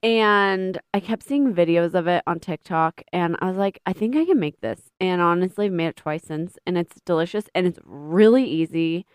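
A woman's voice: on the low side, moderate pace, hardly any pauses, clean tone, no echo, studio quality. A woman co-hosting a podcast, chatting casually with lots of fillers and trailing sentences. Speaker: podcast co-host. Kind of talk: casual chat.

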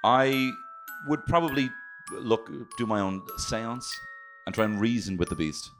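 Lively low-voiced man joking. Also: a little slow, over music. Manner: playful, teasing, lively. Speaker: podcast co-host. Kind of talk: casual chat.

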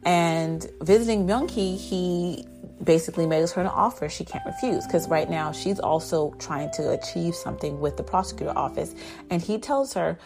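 Low-voiced woman chattily recapping a drama. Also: moderate pace. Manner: chatty and animated, heavy on "like" and "basically". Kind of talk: casual episode recap. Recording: guitar music underneath.

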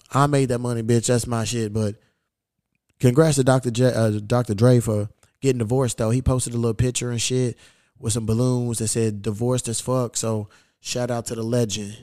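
A man's voice: mid-range voice, dark tone, no echo, studio quality. A man hosting a podcast, telling a rambling, profane story in casual chat and getting heated when he retells his side. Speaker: podcast host.

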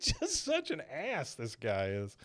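A man's voice: on the high side, slow. A man from Texas casually recapping a cartoon episode on a podcast, acting out the characters' lines as he tells it. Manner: animated storytelling, acts out character lines. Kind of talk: casual chat.

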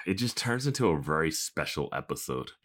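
Very deep-voiced man giving sarcastic takes. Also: big pitch swings, moderate pace. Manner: sarcastic, opinionated, trails off softly. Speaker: podcast co-host. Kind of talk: casual chat, opinionated commentary.

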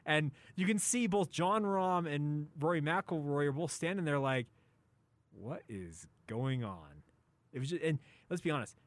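A man hosting a sports radio show in a studio, joking and laughing with his co-host and quickly restarting his sentences. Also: on the high side, dry recording. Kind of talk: casual sports radio banter. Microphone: studio microphone.

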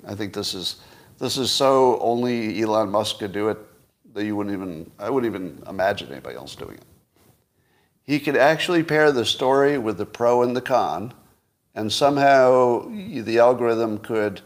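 A man in his sixties hosting a solo commentary show, rambling and self-mocking with frequent chuckles. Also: lowish voice. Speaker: podcast host.

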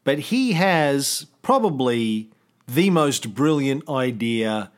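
A man's voice: medium pitch, expressive, slow pace. A man hosting a casual history podcast, who tells the story with playful jokes. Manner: joking, playful. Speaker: podcast host.

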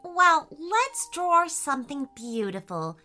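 A woman voicing an excited, eager little girl in a children's storybook, with squealing, breathless delight. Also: sits high, takes it slowly, soft background music, pitched above the performer's own voice, full character voice.

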